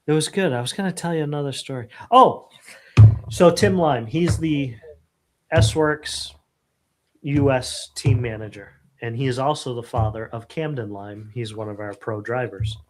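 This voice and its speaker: A middle-aged man hosting a casual live stream, telling animated stories and acting out quotes. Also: mid-range voice, normal speed, faint music behind. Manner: animated storyteller, acts out quotes. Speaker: host.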